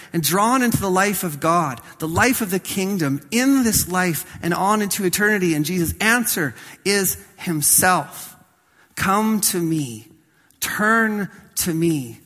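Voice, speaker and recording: A man preaching a sermon as pastor, swinging from loud to soft and slowing down on key phrases. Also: high-pitched, in a large hall.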